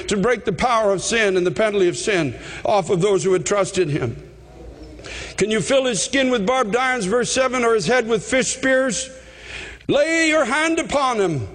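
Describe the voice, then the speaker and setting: Man preaching, very high voice, fervent, long hall reverb. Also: expressive, moderate pace. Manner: fervent, repetitive preaching that rises to shouts. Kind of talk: sermon.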